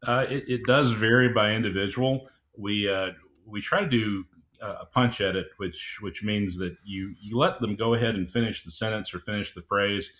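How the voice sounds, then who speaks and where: A middle-aged man speaking as an audiobook producer and guest, talking in a measured, unhurried way with frequent "uh"s and restarts. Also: on the low side, steady tone, fairly bright tone. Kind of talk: casual interview chat.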